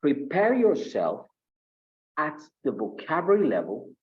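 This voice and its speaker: A man from Colombia with a Paisa accent, giving a live online IELTS speaking lesson and acting out sample answers in an animated way. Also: measured pace, muffled recording. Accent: Colombian Spanish, Paisa. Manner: animated, acts out sample answers with shifting pitch. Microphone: video call.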